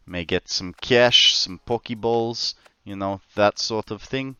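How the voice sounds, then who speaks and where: A man's voice: on the low side, a little slow, sharp tone, clear, resonant tone, dry recording, dull audio. An Australian man streaming a game, chatting and joking with his viewers. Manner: joking, chats with viewers as he plays. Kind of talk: casual livestream chat. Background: faint background music.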